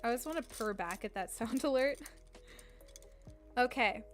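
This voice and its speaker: A woman's voice: fairly high pitch, moderate pace, over music. A woman streamer in casual chat with her viewers, talking in a chatty, playful way.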